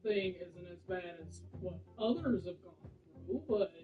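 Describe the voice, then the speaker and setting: A young woman in a casual chat, making her points in a measured way. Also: fairly low pitch, reverberant, lo-fi sound, soft background music.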